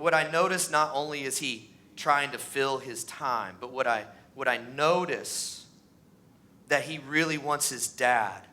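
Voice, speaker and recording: A male pastor in his thirties preaches in a church sanctuary. His voice is bright and forceful, and he stays animated, acting out the voices of the people he talks about. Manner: animated, acts out voices, pitch rises on mocking lines. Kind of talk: sermon.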